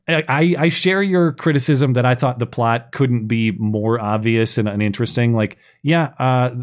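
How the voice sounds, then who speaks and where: Podcast guy griping about a movie, sarcastic and chatty, normal mid pitch. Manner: chatty, sarcastic, animated complaining. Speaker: podcast host. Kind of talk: casual chat reviewing a film.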